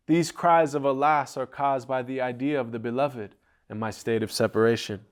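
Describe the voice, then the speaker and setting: A man's voice: mid-range voice, steady tone, normal speed, smooth, close to an everyday voice. A man voicing a grieving merchant who laments his lost bird in a mournful, pleading recitation.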